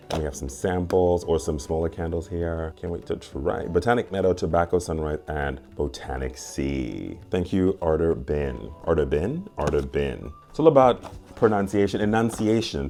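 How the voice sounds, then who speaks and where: A man hosting a casual unboxing vlog, playful and gushing, with sudden high squeals. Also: mellow. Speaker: candle and perfume reviewer.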